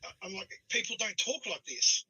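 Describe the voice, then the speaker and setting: Man, livestream guest, video call, very bright sharp voice, rambling and profane, dry sound. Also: high voice, animated, moderate pace, breathy edge, no echo, poor audio. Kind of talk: heated livestream chat.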